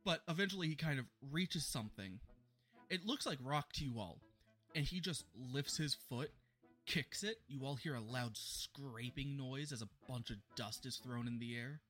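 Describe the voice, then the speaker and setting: A man narrating as game master in a tabletop game, animated and laughing often. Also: mid-range voice, normal speed, soft background music.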